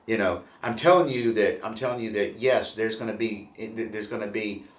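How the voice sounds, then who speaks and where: A man's voice: fairly low pitch, moderate pace. Guy doing a morning local news chat, repeats himself a lot, echoey room. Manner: rambling, repeats himself, upbeat. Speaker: morning show host. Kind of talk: casual local news talk. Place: room at a chamber building. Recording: roomy echo.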